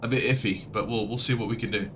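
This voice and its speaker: Speaking fast in a lowish, steady voice over background noise, a man who is a livestreamer and audiobook narrator chats through his flight-sim livestream. He rambles casually and often restarts his sentences.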